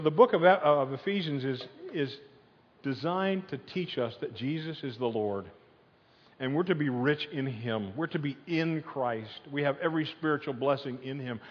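A man preaches a sermon in a conversational, animated storytelling style. His voice sits a little high. The sound is muffled and rings with a long reverb, as if recorded in a large church hall. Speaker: pastor.

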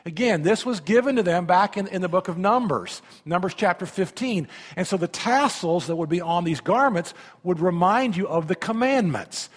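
Fifties male pastor, high voice, animated sermon, stumbles and repeats words, echoing hall. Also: moderate pace, few pauses. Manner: animated, conversational preaching with repeated words and questions to the listeners. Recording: long reverb of a large hall.

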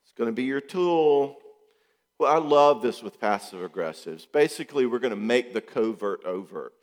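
A man gives a counseling talk to an audience with a lively, animated delivery. He slips into other voices to act out bits of dialogue. His mid-pitched voice carries a long reverb from the hall. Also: normal speed. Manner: animated, acts out quoted dialogue.

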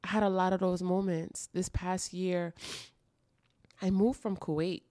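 A woman's voice: fairly low pitch, flat delivery, a little slow, mellow, no echo, studio quality. A woman hosting her own podcast, speaking emotionally and earnestly and repeating phrases for emphasis in an intimate confessional monologue. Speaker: podcast host. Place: dark room at home.

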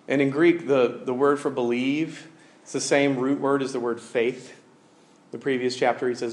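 A pastor in his thirties gives a sermon that wanders into personal stories. His delivery is casual and full of fillers and restarts, with an ordinary middle pitch, a steady tone, and a moderate pace.

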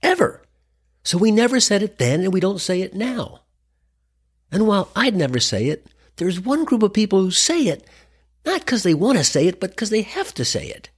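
A man's voice: high voice, sing-song, moderate pace, slightly rough. A man in his sixties from the US Midwest, telling a wry, irreverent comedic story in a conversational way. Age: 60s.

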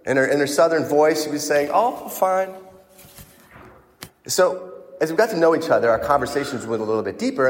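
A male priest giving a conversational sermon, with frequent restarts. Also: medium pitch. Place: church. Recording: church with long reverb.

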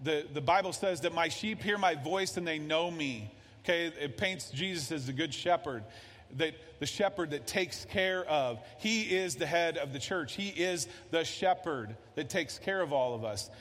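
A man's voice: a little high, moderate pace, a bit bright, long reverb tail. A man preaching a conversational sermon as a pastor, often acting out little dialogues.

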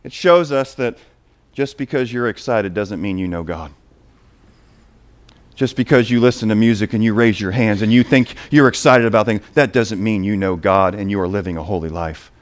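Animated male preacher. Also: on the low side, normal speed. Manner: animated, swings between quiet asides and loud emphasis. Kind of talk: sermon.

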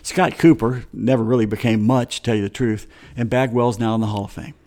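A man's voice: mid-range voice, brisk, warm tone. A middle-aged man hosting a casual sports talk show, reading baseball history and drifting into rambling stories with chuckles. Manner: rambling, anecdotal, chuckles often. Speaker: sports radio host.

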